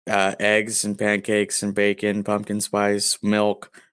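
A young man co-hosting a podcast, joking in a deadpan, absurd way during casual chat. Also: lowish voice, takes it slowly, smooth, no room sound, clean studio sound. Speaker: podcast co-host.

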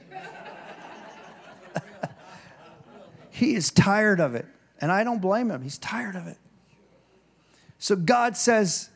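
A man's voice: on the high side, creaky, a little mellow. A male pastor preaching a sermon in a church, conversational and digressive, with restarts, and acting out scripture voices with rising emphasis.

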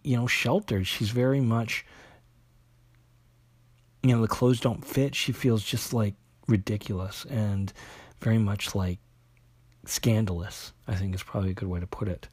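A man with a low, husky voice recaps a comic book's plot in a loose, casual way. He halts often and restarts his sentences with plenty of fillers. The recording is close and dry, with no room sound. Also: a little mellow, dry recording. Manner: halting, lots of fillers and restarts. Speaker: comic book reviewer.

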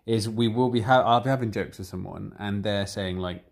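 A man talking candidly in a casual chat, rambling and getting animated as he retells conversations. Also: lowish voice, fairly quick, creaky.

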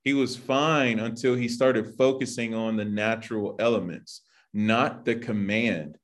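A Bible teacher with a medium-pitched voice speaks a little slowly, giving an informal sermon. His style is loose and conversational, sprinkled with "like" and "you know".

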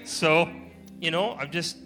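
A man's voice: on the high side, takes it slowly. A man giving an informal testimony-style sermon at church, telling stories in a chatty way and laughing often. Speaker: church speaker. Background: soft guitar music.

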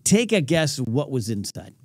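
Lively-voiced man co-hosting a chat show. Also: mid-range voice, measured pace. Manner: animated, self-mocking storytelling. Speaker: podcast co-host. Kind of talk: casual chat.

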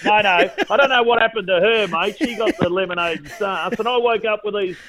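A man's voice: high voice, brisk, bright, forceful tone, low-quality recording. A middle-aged Australian man chatting as a radio guest, telling jokey stories with laughs. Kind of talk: casual chat.

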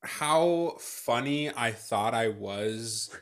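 A young man, a guest in a casual interview, speaking in a hesitant, good-humored way with frequent pauses and restarts. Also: mid-range voice, expressive. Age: young adult. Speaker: guest, new father.

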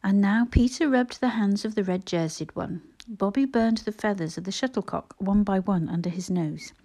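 Brief: woman narrator, mellow and warm, measured audiobook reading. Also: mid-range voice.

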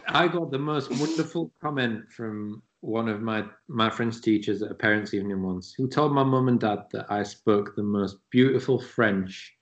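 Low-voiced man, chatty. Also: normal speed, few pauses. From Yorkshire, England. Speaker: podcast co-host. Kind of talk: casual sports chat.

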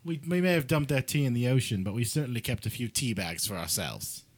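A man's voice: mid-range voice, lively intonation, brisk, husky, dry recording. A man co-hosting a casual podcast chat, full of wry, sarcastic quips. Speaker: podcast co-host.

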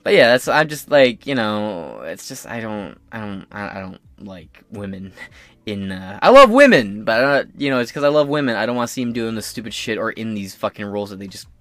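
A man's voice: lowish voice, brisk, fairly bright tone, no room sound. A man hosting a podcast, ranting crudely with constant swearing and mocking impressions. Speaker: podcast host. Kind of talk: profane ranting commentary.

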